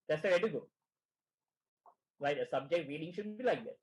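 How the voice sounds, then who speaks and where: High-voiced middle-aged male tutor, repetitive, checks in with "right?" constantly. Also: expressive, fairly quick, long pauses, poor audio. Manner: keeps asking "right?" and repeats phrases. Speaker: exam prep tutor. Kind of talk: online teaching session.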